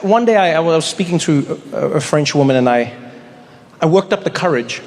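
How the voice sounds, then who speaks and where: A man performing stand-up comedy before an audience, telling stories in a conversational way with quick voice switches. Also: on the high side, animated, darkish tone. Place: large hall before live audience. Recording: live hall with audience noise.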